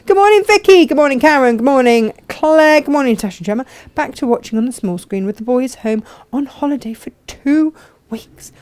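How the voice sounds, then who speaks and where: A middle-aged woman hosting a live craft show, chatting brightly and reading out viewers' greetings. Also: on the high side, normal speed. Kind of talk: casual live-stream chat.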